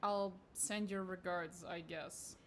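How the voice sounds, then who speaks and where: A woman's voice: fairly low pitch, steady tone, takes it slowly, fairly bright tone, slight background noise. A woman streaming a video game, reading its text aloud and reacting with sarcastic, profane asides. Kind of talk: casual game commentary.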